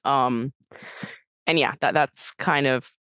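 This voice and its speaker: Chatty, animated woman podcaster, dry close mic. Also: rumbling low, slow pace, smooth, no echo, rough recording. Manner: animated, chatty, laughing often, acts out lines. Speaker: podcast co-host. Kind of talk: casual film review chat.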